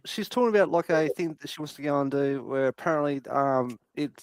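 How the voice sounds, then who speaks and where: Excitable swearing streamer man, dry sound. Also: on the high side, brisk, clean tone, dry recording. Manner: excitable, profane storytelling. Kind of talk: casual chat on a live stream.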